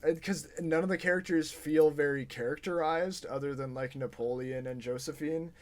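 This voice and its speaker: Fairly high-voiced man, laughy podcast chat. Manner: laughing, halting starts, then fast animated runs. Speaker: podcast co-host. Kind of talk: casual film review chat.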